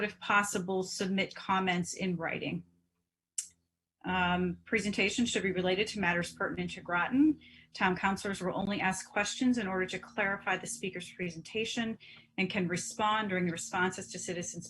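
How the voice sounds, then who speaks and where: A woman's voice: mid-range voice, a bit bright, breathy edge. A woman mayor chairing a town council meeting, formal and procedural with some filler ums.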